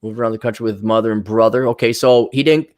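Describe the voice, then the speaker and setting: A man's voice: fairly low pitch, fairly even intonation, fast talker, darkish tone. A man giving crude, sarcastic, rambling commentary as a vlog host. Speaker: vlogger and consultant.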